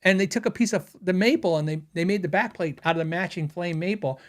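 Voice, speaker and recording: A man hosting a gear podcast, telling a story in a chatty, animated way and laughing at his own anecdotes. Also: sits high, fast. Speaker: podcast host. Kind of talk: casual storytelling.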